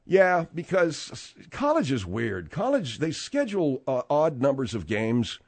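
A man hosting a sports talk radio show, bantering with his co-hosts and reading out the news in an animated, rambling way. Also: medium pitch, unhurried, no echo. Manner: animated, rambling, with frequent restarts.

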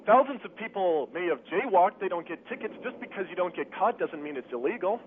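A man's voice: sits high, expressive, brisk. Stern male caller on a phone line. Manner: indignant, stern. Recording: phone call line with faint hiss.

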